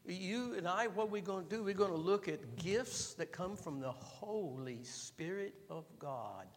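High-voiced preacher in a reverberant hall. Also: male voice, lively intonation, unhurried, hardly any pauses. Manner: emphatic preaching, dropping low then building to loud exhortation. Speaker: pastor. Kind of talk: sermon.

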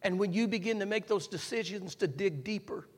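A man preaching a sermon, repeating phrases and building up to shouts, and calling on the congregation to respond. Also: high-pitched, brisk, husky. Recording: long hall reverb.

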